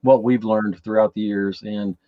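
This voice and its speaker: A man with a Texan accent, a guest on a podcast, explaining things in a halting way and often repeating his words. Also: lowish voice, fairly even intonation, no echo, dull audio. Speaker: podcast guest, chatbot enthusiast. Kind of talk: casual interview talk.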